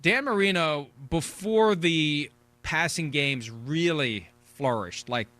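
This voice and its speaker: A man in his sixties holds forth on a sports talk show with a bright, forceful voice pitched a little high. He talks casually and rambles, doubling back on words as he goes. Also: slow pace. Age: 60s. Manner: rambling, repeats words when restarting.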